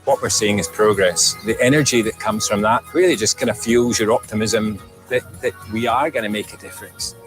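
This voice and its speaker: A man's voice: lowish voice, brisk, over music, rough recording. A man speaking earnestly and steadily about his foundation in a promotional interview. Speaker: foundation representative.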